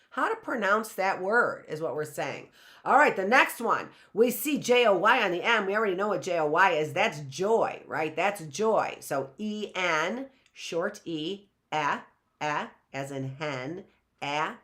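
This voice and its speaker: Slow, low-voiced woman teaching phonics. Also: a bit bright. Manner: slow, explaining, sounds out words. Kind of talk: online phonics lesson.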